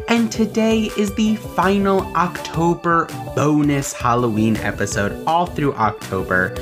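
A man hosting a solo podcast, chatting casually and playfully. His pitch swings widely and lively as he explains things and tosses in joking asides. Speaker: podcast host.

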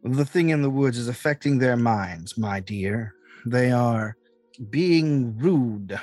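A green hag who coos softly and with false sweetness, done by a man at the game table. She speaks slowly over faint music. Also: mid-range voice, animated. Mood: falsely sweet.

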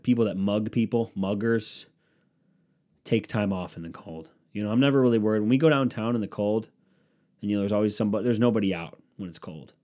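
A man's voice: on the low side, dark tone. A man from the Cleveland area riffing in a casual, profane, sarcastic monologue. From Cleveland, Ohio area.

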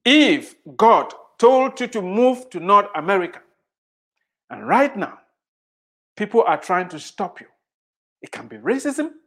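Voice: mid-range voice, very animated, measured pace, long pauses, fairly bright tone. Preacher giving a sermon, voice swings way up and down, hammers the same words over and over, keeps asking the crowd questions. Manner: emphatic, repeating phrases, rhetorical questions.

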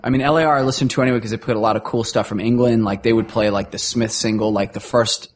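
A man's voice: fairly low pitch, steady tone, quick pace. A man in his fifties from New York, a touring musician guest talking casually and rambling as he hunts for words. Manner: rambling, restarts often while searching for words. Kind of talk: casual chat.

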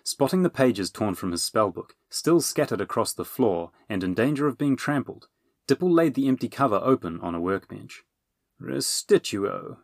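A man narrating a children's fantasy audiobook in a measured, even way. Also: fairly low pitch, dry recording, clean studio sound. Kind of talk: storybook narration.

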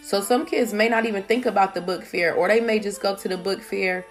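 A woman's voice: medium pitch, steady tone, brisk, faint music behind. A woman who is a single mother, talking in a casual, conversational way about raising her kids, with plenty of "you know" and "like" asides. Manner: conversational, with many fillers and asides. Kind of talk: casual advice monologue.

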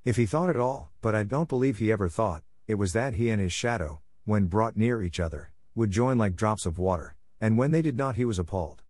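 A man narrating a classic children's story as an audiobook, in a measured storyteller's delivery. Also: lowish voice, lively intonation, a little mellow, dry recording, studio quality.

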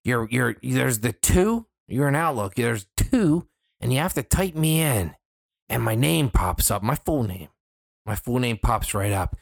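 A man on a chat show, ranting with heavy swearing and breaking into shouts as he mimics annoying emails. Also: medium pitch, sing-song, moderate pace, vocal fry. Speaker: podcast co-host.

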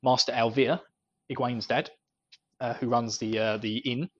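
A man's voice: mid-range voice, fairly even intonation, a little slow, slightly rough, dry recording. A man hosting a podcast, chatting casually about a book and laughing often between his thoughts. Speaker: podcast host. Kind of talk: casual book discussion chat. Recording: slightly dull lo-fi audio.

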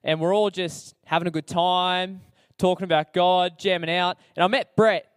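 A young man with an Australian accent tells his story casually, full of slang and fillers and laughing at himself. His voice sits a little high for a man, and the recording is dry, with no room sound. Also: fairly even intonation, moderate pace, clear, resonant tone, no echo. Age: young adult. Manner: chatty, slangy, self-deprecating, many fillers. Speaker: speaker sharing his testimony.

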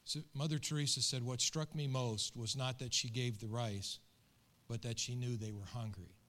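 Middle-aged male pastor, mid-pitched, earnest and emotional colloquial storytelling from the pulpit. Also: fairly even intonation, normal speed, a bit bright. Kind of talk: sermon storytelling.

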